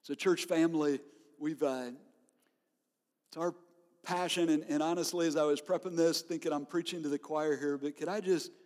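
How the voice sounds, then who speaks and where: Animated pastor preaching in a reverberant hall. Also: male voice, on the high side, normal speed. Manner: storytelling, animated, laughs often. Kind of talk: sermon.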